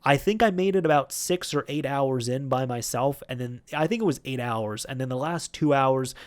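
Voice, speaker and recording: A man's voice: medium pitch, moderate pace, smooth. A man tells a story from his old job in a loose, chatty vlog style. He keeps adding fillers and restarting his sentences. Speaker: YouTube host.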